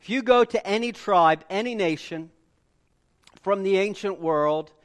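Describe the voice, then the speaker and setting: A man preaching a sermon with animated delivery and emphatic repetition. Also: high-pitched, measured pace. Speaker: pastor.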